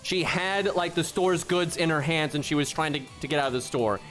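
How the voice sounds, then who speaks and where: A man's voice: on the high side, brisk, fairly bright tone, soft background music. A man streaming a game, ranting in casual talk and swearing freely, with a "right?" after nearly every point. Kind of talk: casual live-stream rant.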